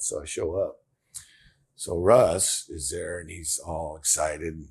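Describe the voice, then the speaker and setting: Deep husky older man telling stories. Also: takes it slowly. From California, USA. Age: 60s. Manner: animated storyteller, laughs often, acts out quotes. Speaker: interview guest, former pro football player. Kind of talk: casual storytelling interview.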